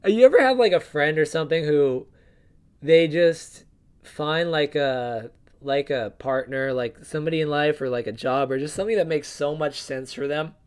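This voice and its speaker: Animated, joking man from New Jersey. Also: fairly high pitch, moderate pace, smooth. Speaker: podcast co-host. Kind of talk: casual chat.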